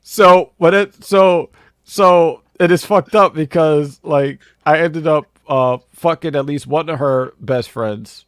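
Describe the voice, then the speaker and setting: A man's voice: fairly high pitch, a little slow, few pauses, clean tone, no echo, clean studio sound. A man co-hosting a casual podcast, telling a brash, boastful story and often laughing. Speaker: podcast co-host.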